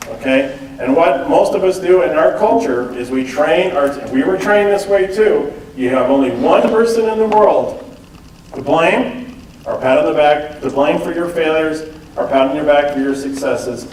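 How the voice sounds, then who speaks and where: In an event hall, a lecturer with a fairly high-pitched voice gives a conversational public talk on cultural differences, frequently checking in with "okay?" and "right?" A distant mic lends the recording a roomy sound, with a little hiss or hum.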